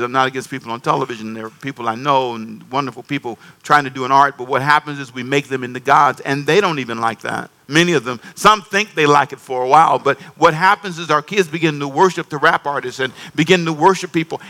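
Male pastor, high-pitched, emphatic sermon delivery. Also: pushed and bright. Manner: emphatic, repeats phrases, calls on the congregation.

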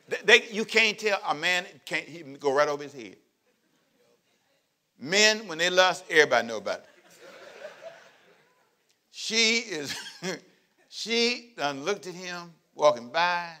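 A man's voice: on the high side, expressive, moderate pace, pauses often, pushed and bright. A male pastor preaching a sermon, joking with the congregation and acting out scenes as he goes. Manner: playful, joking preacher who acts out scenes; calls out to the congregation.

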